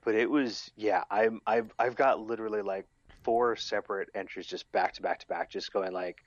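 Podcast co-host: an easygoing man with a lowish voice, on a dry, slightly muffled lo-fi mic. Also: fairly even intonation, moderate pace, hardly any pauses, no echo. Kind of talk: casual chat recapping an audio drama.

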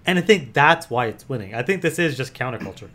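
A man co-hosting a casual podcast, blunt and quick to swear. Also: mid-range voice, animated, fairly bright tone. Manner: blunt, swears freely, fast. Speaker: podcast co-host. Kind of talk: casual chat.

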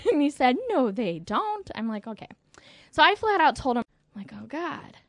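A woman's voice: high-pitched, big pitch swings, normal speed, no echo, studio quality. A woman casually telling a dating story on a podcast, often breaking into giggles. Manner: giggly, laughs through her storytelling. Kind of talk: casual chat.

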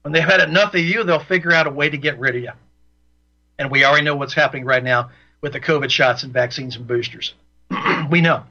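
A man's voice: fairly high pitch, brisk, bright, forceful tone, dull audio. A man hosting a talk radio show, ranting in an opinionated monologue and repeating his points for emphasis.

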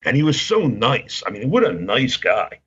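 A man's voice: medium pitch, very animated, normal speed, fairly bright tone, slightly rough. A man telling long, rambling stories in casual chat, laughing often and acting out what people said. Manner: rambling, laughing, acts out quotes. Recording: dull lo-fi sound.

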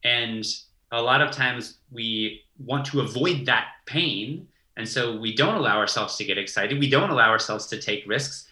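A man in his thirties talks in a bright, forceful voice, animated as he tells stories and slips into the voices of people he quotes. The room around him has a roomy echo. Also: medium pitch, normal speed. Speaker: guest. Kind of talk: casual conversation, storytelling.

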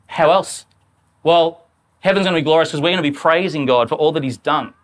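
A man preaching a sermon in a church, talking in a lively, conversational way and acting out quoted voices. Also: a little high, brisk.

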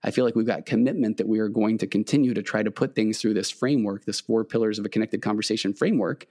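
A middle-aged therapist and host earnestly tells a personal story in a conversational way, acting out the dialogue between himself and his wife. His voice is on the low side and a little mellow, and he talks at a quick pace.

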